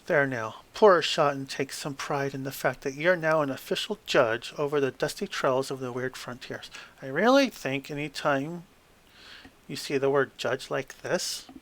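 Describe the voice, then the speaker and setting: A man's voice: medium pitch, unhurried, a bit bright. A man flipping through a tabletop game book, reading passages aloud with wry asides and stumbling over hard words.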